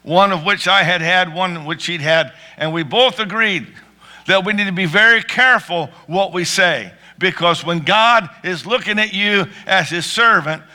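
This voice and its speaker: Bright-voiced preaching man. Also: high voice. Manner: preaching with rising fervor, praying in tongues. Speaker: pastor. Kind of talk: sermon.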